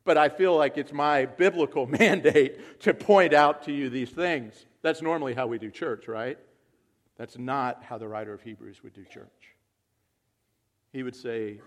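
A man preaching a sermon to his congregation in a conversational way, acting out quoted voices and swinging from hushed asides to loud emphasis. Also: mid-range voice, unhurried. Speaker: pastor.

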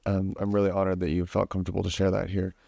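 A man hosts a podcast conversation, speaking gently and reflectively while sometimes repeating words. His voice is low and mellow, recorded close and dry. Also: monotone, fast talker, creaky, no echo. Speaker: podcast host.

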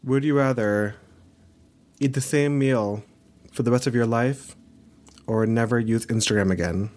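A man's voice: mid-range voice, measured pace, a little mellow. A man co-hosting a casual podcast, playful and laughing often as he reads out questions. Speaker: podcast co-host.

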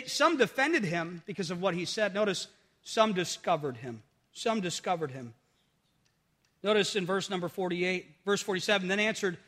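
A man preaching a sermon in a church sanctuary, his high, bright voice ringing with a long hall reverb. He swings from loud emphatic peaks to hushed drops and repeats key phrases to drive them home.

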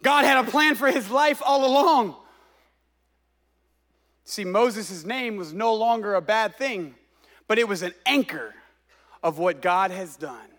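Very high-voiced impassioned male preacher. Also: lively intonation, measured pace, long pauses, a bit bright. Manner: impassioned, exclaiming, repeating phrases for emphasis. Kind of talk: sermon.

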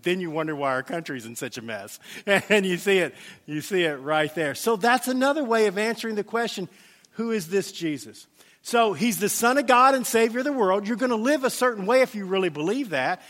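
A male pastor preaching with a high, bright-pitched voice. He speaks with animation, acting out quoted voices and sometimes stumbling through restarts. The sound carries a long reverb from a church sanctuary. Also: animated, fairly quick. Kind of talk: sermon.

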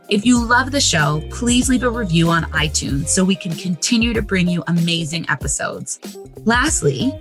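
A woman hosting her own podcast, speaking in a gentle, soothing, reflective monologue. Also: medium pitch. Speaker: podcast host and psychologist.

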